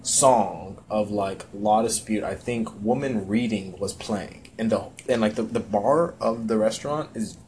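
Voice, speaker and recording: A man's voice: on the low side, unhurried, few pauses, background noise. A man co-hosting a podcast in casual chat, rambling and profane, getting worked up when he rants. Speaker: podcast co-host.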